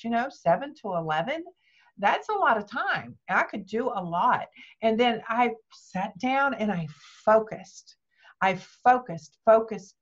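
Older woman telling stories, muffled sound. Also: mid-range voice. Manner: lively, acts out quoted dialogue. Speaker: guest speaker. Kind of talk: personal storytelling interview. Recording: dull lo-fi sound.

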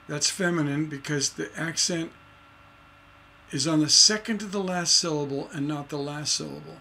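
A man's voice: fairly high pitch, moderate pace, gravelly, pushed and bright, a little hiss or hum. A middle-aged man teaching songwriting on a livestream, explaining with many fillers and restarts and tapping out rhythms in nonsense syllables. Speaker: songwriting instructor.

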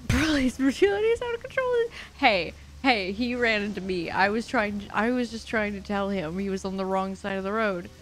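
A woman's voice: mid-range voice, animated, normal speed, few pauses, soft background music. A young woman streaming a video game, chatting casually and crudely, joking and giggling as she plays. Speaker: VTuber streamer. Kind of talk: casual gameplay chat.

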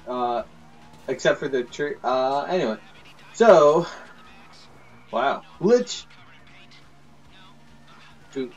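A man doing let's play commentary, excitable and laughing, yelling at his teammates. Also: fairly high pitch, unhurried, pauses often, distant mic, lo-fi sound, faint music behind. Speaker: gaming YouTuber.

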